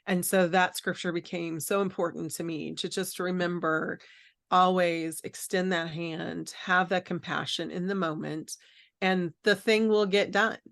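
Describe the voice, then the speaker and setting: A woman's voice: lowish voice, creaky, a bit bright. Earnest middle-aged woman telling a story. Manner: earnest, reflective, with frequent fillers and restarts. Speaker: podcast guest, caregiving coach. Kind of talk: personal storytelling in conversation.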